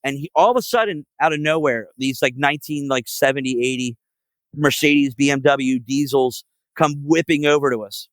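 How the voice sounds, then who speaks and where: Philly guy, mid-pitch, dry recording; loose, cussing raconteur who strings stories together with fillers. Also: moderate pace, fairly bright tone, no echo, rough recording. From Philadelphia area. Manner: profane, rambling, heavy on filler words. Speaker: guest musician. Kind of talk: casual podcast storytelling.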